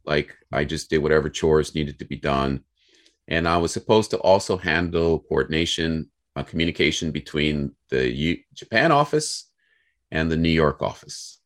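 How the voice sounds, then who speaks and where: Deep-voiced man telling a story. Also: moderate pace. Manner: animated, acts out quoted people. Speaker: guest. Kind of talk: casual storytelling.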